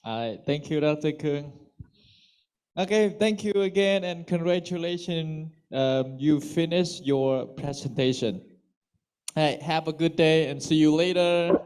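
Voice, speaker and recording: Male host, slow and mellow, hesitant with fillers. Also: a little high, clear, resonant tone. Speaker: contest host. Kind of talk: hosting a speech contest.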